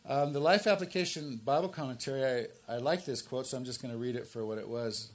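A man in his sixties preaches as pastor with a middle-pitched voice. He punches key phrases loud and high, then drops to soft, low asides. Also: fast talker, few pauses. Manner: emphatic, rises to forceful stresses then drops low and quiet. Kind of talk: sermon.

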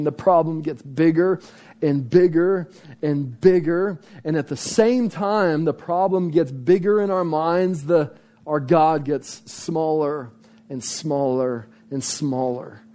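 Male pastor, sermon delivery, slightly high pitch, warm mellow tone, emphatic repetition. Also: unhurried. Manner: emphatic, repeats phrases for effect.

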